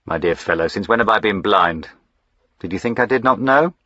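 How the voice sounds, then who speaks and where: A man's voice: lowish voice, expressive, moderate pace, bright, forceful tone, no room sound, highs cut off. A man voicing a moody, short-tempered young aristocrat with a clipped, sardonic way of speaking. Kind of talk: audiobook character voicing.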